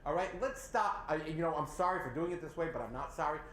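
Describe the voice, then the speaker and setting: A man with a New England accent hosting a local talk show, animated and sarcastic as he criticizes city leaders. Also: fairly high pitch, fast. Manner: animated, sarcastic, mocks others in put-on voices. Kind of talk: opinionated local politics discussion. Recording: echoey room with faint ambient noise.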